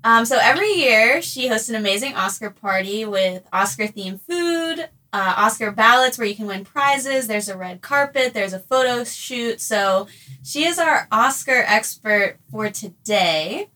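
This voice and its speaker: A woman co-hosting a podcast in casual chat, playful and quick to laugh. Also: on the high side, expressive, sharp tone. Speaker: podcast co-host.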